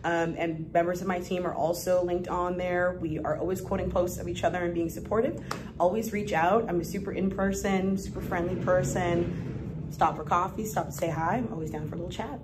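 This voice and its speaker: A young adult woman, a guest entrepreneur in a casual interview, talking in an animated, effusive way with bursts of laughter. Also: lowish voice, fairly quick, noisy background.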